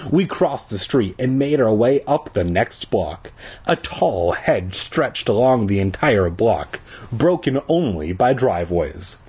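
A man reading a story aloud for laughs, slow and husky with a lively, swinging pitch. He breaks off for crude, sarcastic remarks. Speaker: reader. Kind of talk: comedic book reading with crude asides.

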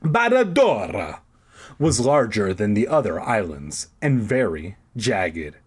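A man reading a story aloud for comedy, with sarcastic, profane, deadpan asides. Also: fairly low pitch, unhurried, husky. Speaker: audiobook reader.

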